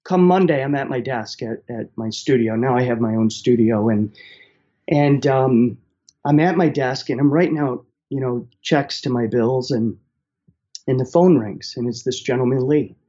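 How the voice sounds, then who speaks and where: A man's voice: medium pitch, normal speed, husky, highs cut off. A middle-aged man, casually telling a personal story and acting out the voices of the people in it. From central New York. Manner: animated, acts out the voices of people in his story. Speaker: guest telling his life story.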